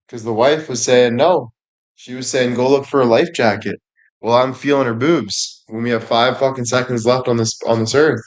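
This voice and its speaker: A man giving a crude, rambling comedic monologue on a livestream, swearing constantly and laughing at his own jokes. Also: medium pitch. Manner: profane, rambling, laughs often, fillers like "you know".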